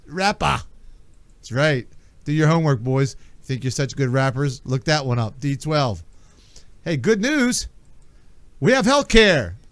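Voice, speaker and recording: A man hosting a casual talk radio show, joking in a brash, rapid patter. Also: on the high side, fairly bright tone, no echo.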